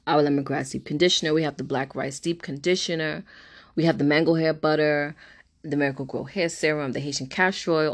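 Brash young woman, low voice, chatty slangy sales pitch with laughs. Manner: playful, slangy. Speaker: business owner promoting her products. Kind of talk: promotional pitch.

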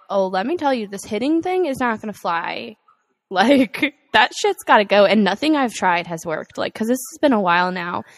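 A young woman chatting casually as a co-host, talking in a loose, rambling way with frequent laughs and fillers. Her voice sits at an ordinary middle pitch. The recording is dry and close, with no room sound. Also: fairly bright tone, dry recording. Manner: chatty, laughs often, many likes and ums. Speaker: podcast co-host. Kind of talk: casual chat.

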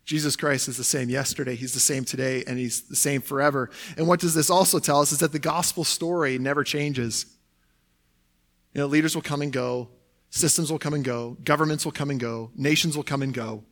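A man's voice: mid-range voice, steady tone, a little fast, a bit bright. A young adult man who is a pastor, preaching a sermon in a conversational way, often saying "like" and "right?".

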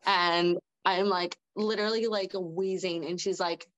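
A woman's voice: lowish voice, steady tone, a little slow, fairly bright tone, muffled recording. A woman guest on a podcast telling stories casually, laughing often and filling her speech with "like". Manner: chatty, laughs often, heavy use of "like". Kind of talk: casual conversational storytelling.

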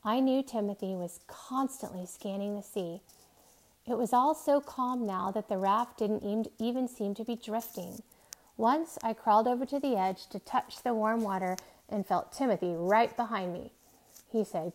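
A woman reading a novel aloud in a steady, soft, measured way. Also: mid-range voice. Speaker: reader.

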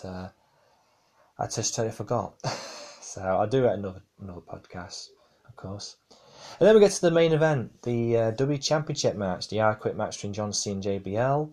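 Solo podcast host, man, lower voice, casual and hesitant delivery with frequent pauses. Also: darkish tone. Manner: rambling, hesitant, many fillers and restarts. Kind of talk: casual wrestling review podcast.

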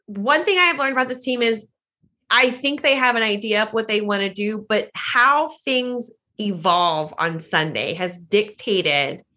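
A woman broadcaster chats easily as a podcast guest, with a bright, forward tone. She rambles a little and leans on "like" as she talks. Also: medium pitch. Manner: chatty, lots of "like" fillers. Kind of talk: casual podcast interview.

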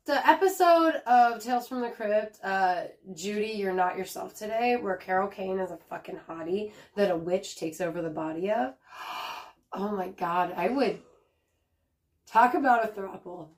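A woman's voice: mid-range voice, normal speed. A woman co-hosting a podcast in casual chat, rambling and swearing with frequent laughs. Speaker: podcast co-host.

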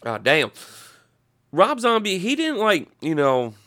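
A man's voice: sits high, wildly swooping pitch, takes it slowly, fairly bright tone. A man hosting a podcast, ranting casually with heavy swearing and a rambling flow. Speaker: podcast host. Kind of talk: casual profane rant.

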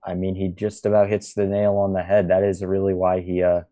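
A man co-hosting a podcast, speaking in a measured, thoughtful way with halting restarts. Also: low voice, monotone, mellow. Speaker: podcast co-host. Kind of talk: casual podcast discussion.

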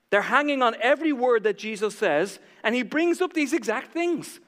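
Guy preaching, high voice, lively, acts out the crowd's lines, big hall echo. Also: moderate pace, few pauses. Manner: animated, acts out voices of listeners. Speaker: pastor. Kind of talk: sermon.

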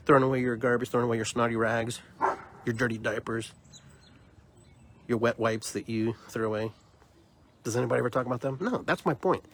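A man's voice: mid-range voice, brisk, long pauses, fairly bright tone, a little hiss or hum. A man hosting a podcast, delivering an emphatic, opinionated monologue and often repeating words as he builds his point. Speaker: podcast host.

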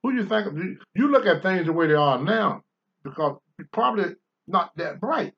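An older man on a talk show, blunt and preachy, swinging from low mutters to loud outbursts. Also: lively intonation, moderate pace, muffled recording. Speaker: podcast host, former wrestler. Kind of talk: candid talk-show commentary.

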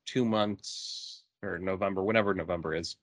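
A young adult man co-hosting a podcast in casual chat, relaxed and making dry remarks. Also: deep voice, moderate pace, no room sound. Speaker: podcast co-host.

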